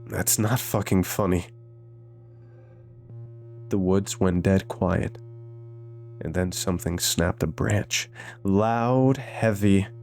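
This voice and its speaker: A man narrating a scripted horror story with a measured, suspenseful delivery. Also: low-pitched, a little mellow.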